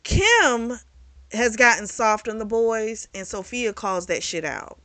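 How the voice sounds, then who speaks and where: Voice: medium pitch, animated, slow, pushed and bright, no echo. A book reviewer casually retelling a novel's plot in a candid, profane, chatty way.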